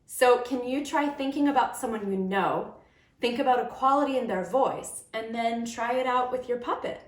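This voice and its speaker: A woman's voice: a little high, moderate pace, roomy sound. A woman teaching puppet making and puppet voices, talking in an upbeat, encouraging way for children and parents. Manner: upbeat and encouraging, demonstrating as she explains. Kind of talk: friendly instructional talk for kids and parents.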